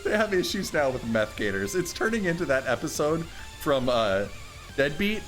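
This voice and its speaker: A man's voice: a little high, big pitch swings, normal speed, fairly bright tone, soft background music. A man co-hosting a casual comedy news chat, reading headlines aloud and laughing often. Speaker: podcast co-host reading news stories.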